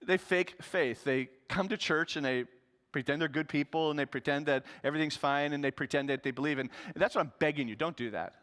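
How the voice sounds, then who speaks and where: A man's voice: fairly high pitch, fairly quick, fairly bright tone, long reverb tail. A male pastor giving a sermon in an earnest, conversational way.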